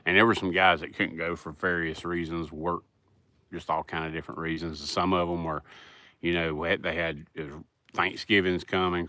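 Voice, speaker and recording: Low, bright Southern man chatting. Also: dry recording, clean studio sound. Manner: rambling, folksy, reads chat aloud. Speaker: livestream host. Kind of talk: casual livestream chat.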